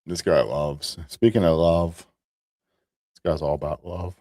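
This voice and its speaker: A man's voice: low voice, steady tone, measured pace, dark tone. A man hosting a show, talking casually over clips he plays, with sarcastic and mocking asides. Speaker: host and commentator. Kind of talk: commentary over played clips.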